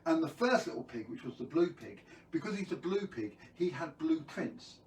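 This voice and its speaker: A playful man hosts a live story time for children, cracking jokes and quizzing the viewers. His voice is slightly high. It echoes around the room from a distant mic, with a faint background hum. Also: sing-song, normal speed, darkish tone.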